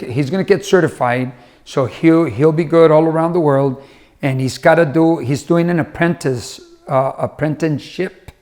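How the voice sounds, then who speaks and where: A middle-aged man giving a conversational motivational talk, telling family stories and acting out the voices of the people in them. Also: a little high. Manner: conversational, acts out quoted voices. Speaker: motivational speaker.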